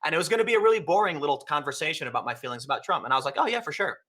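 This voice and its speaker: Fast, bright-voiced man telling a story. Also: a little high. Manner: fast, animated anecdote-telling with quoted exchanges. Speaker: podcast guest. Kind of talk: casual storytelling chat.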